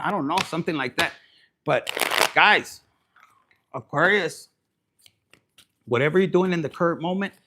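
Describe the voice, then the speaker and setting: Rowdy high-voiced tarot man. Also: a bit bright. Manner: profane, rowdy, slips into Spanish. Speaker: tarot reader. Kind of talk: loose crude tarot reading chat.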